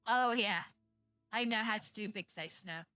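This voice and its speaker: A woman's voice: mid-range voice, moderate pace, pushed and bright, clean tone, no room sound, studio quality, soft background music. A young British woman streaming live, chatting to viewers in a blunt, profane, rambling way and sounding tired. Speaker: livestreamer.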